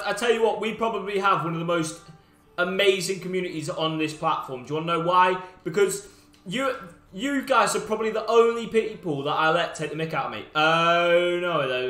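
A young man live-streaming a football video game, bantering with his chat, teasing viewers and breaking into sudden shouts. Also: high-pitched, roomy sound.

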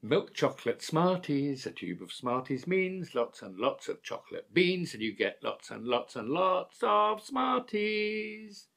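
A man's voice: medium pitch, sing-song, unhurried, creaky, breathy edge, heavily acted. An actor playing an older man with dementia who talks like a child, confused and repeating himself. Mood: delighted. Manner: childlike pleading, repeats words. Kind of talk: stage drama acting.

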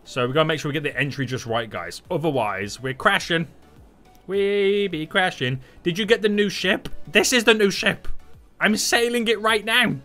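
A man giving playful, excitable live gameplay commentary and chatting with his viewers. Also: fairly high pitch, brisk, faint music behind. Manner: excitable and playful, hums and exclaims. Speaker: gaming streamer.

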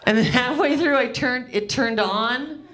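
A woman's voice: high voice, a little slow, fairly bright tone, slight background noise. A woman comedian doing a stand-up set on a club stage, loose, rambling and crude, poking fun at herself. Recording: live club set with audience laughter.

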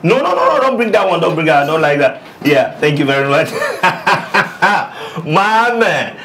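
A man's voice: lowish voice, expressive, normal speed, natural voice. A young man with a Nigerian accent, playing an earnest groom-to-be who stammers and repeats his words. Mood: overjoyed. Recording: noisy background hum.

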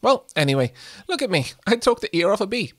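A man voicing a doting, chatty elderly grandmother who fusses over her grandchild with rapid questions. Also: high voice, very animated, a bit bright, no echo, clean studio sound, pitched above the performer's own voice, exaggerated voice.

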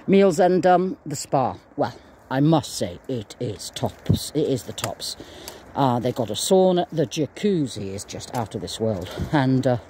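A man's voice: medium pitch, big pitch swings, unhurried, warm tone, slight background noise. Rambling older man on a dog walk. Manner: chatty, meandering, breaks off to talk to his dog. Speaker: vlogger walking his dog. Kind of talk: rambling casual monologue. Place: outdoors in fields on a walk.

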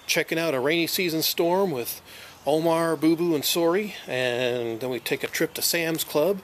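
A man vlogging casually, laid-back and chatty, sprinkling in Spanish words. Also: fairly high pitch. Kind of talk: casual vlog narration. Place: outdoors on a mountain in Mexico. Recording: outdoor camera audio with loud noise.

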